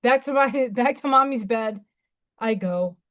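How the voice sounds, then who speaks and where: A woman's voice: fairly high pitch, unhurried, a bit bright. A woman voicing her sassy young female house cat, talking in a bratty, carefree way.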